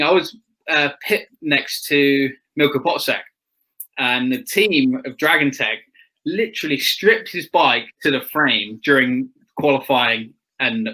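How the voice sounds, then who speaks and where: A man's voice: mid-range voice, bright, forceful tone, poor audio. A young man chatting casually as a guest, telling stories with frequent laughs and acted-out quotes. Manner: chatty storyteller, laughs often, acts out quotes. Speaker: guest motocross rider. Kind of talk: casual chat.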